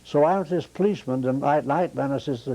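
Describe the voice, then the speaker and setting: A man's voice: medium pitch, fast talker, dark tone, rough recording. An older man, a retired circus bandleader telling rambling, plain-spoken anecdotes in an interview. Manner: folksy, plain-spoken, acts out voices in his stories.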